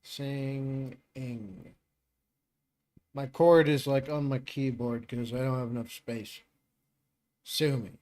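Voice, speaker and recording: A man's voice: medium pitch, steady tone, a little slow, a little mellow. A man hosting a live stream in a casual, rambling way, laughing often as he chats.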